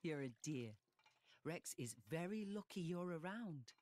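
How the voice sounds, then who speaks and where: An actress voicing a kindly, motherly village woman who talks calmly. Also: on the low side, measured pace. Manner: kindly, calm.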